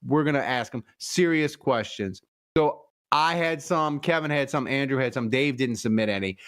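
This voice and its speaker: A man's voice: medium pitch, moderate pace, a bit bright, smooth. A man hosting a casual sports podcast, joking, laughing often and trailing off mid-sentence. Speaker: podcast host.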